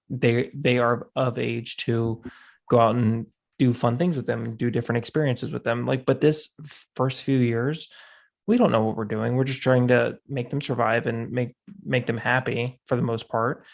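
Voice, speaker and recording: A man's voice: mid-range voice, gravelly. A man talking as a guest on a casual podcast, readily agreeing and adding his own thoughts. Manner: agreeable, frequent affirmations.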